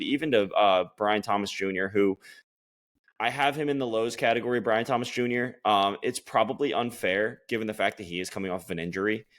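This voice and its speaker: A man co-hosting a podcast, talking through fantasy football results in a relaxed, loose way with frequent restarts. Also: fairly low pitch. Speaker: podcast co-host. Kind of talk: casual fantasy football chat.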